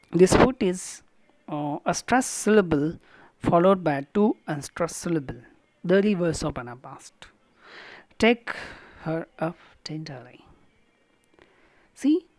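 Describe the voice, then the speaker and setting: A woman with an Indian English accent giving a recorded video lecture, sounding out syllables slowly and deliberately. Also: low voice, darkish tone, dry recording, poor audio. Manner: slow, deliberate, stresses syllables aloud. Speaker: teacher.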